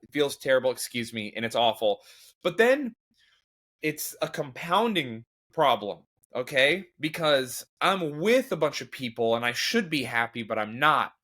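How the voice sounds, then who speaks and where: A man speaking in a candid, self-deprecating monologue, his mid-pitched voice wandering through fillers and restarts. He sounds like a podcast host thinking out loud rather than reading from a script. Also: very animated, unhurried. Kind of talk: candid monologue on grief and faith.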